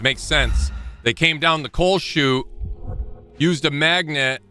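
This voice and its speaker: A man's voice: a little high, takes it slowly, pushed and bright, clear, resonant tone, faint music behind. A young man streaming a game live, thinking aloud and rambling as he corrects himself mid-thought. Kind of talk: live gameplay commentary.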